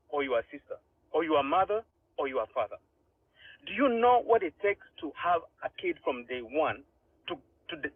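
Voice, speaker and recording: Young Kenyan man, husky voice, emotional and pleading, tinny phone-line sound. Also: on the high side, no room sound. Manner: emotional, pleading, asks repeated rhetorical questions. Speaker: speaker in a live online audio room. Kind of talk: impassioned protest speech.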